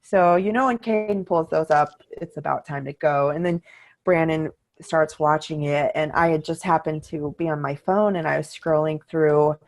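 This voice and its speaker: A woman's voice: deep voice, normal speed. Chatty, upbeat middle-aged woman podcaster. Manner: chatty and upbeat, animated storytelling. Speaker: podcast co-host. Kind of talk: casual chat.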